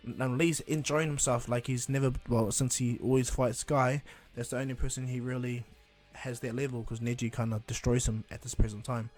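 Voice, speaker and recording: A man's voice: mid-range voice, fairly even intonation, normal speed, few pauses, darkish tone. A man casually retelling a fan story, rambling along with restarts and "and he goes.".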